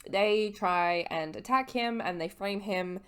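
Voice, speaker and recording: A woman's voice: mid-range voice, slow, smooth. A young woman in her twenties, a little tipsy, giving a casual, rambling book recap as a vlogger, swearing and correcting her own slips.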